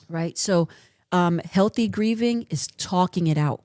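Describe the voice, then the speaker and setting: A woman's voice: on the low side, unhurried, a little mellow, no echo, studio quality. A woman hosting a livestream, giving earnest, encouraging counseling advice in casual talk and often checking in with "right?".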